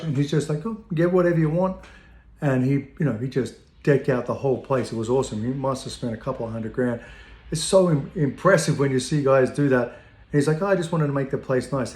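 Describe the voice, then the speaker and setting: A man's voice: medium pitch, a little mellow, roomy sound. A man telling a casual, rambling anecdote, loose and profane, often laughing at his own story.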